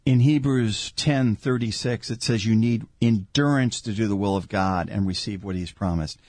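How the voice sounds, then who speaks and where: A man's voice: fairly low pitch, moderate pace, no room sound. A man hosting a Christian talk show, preaching with fervor and asking guests questions. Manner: fervent, builds to shouted praise. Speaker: host.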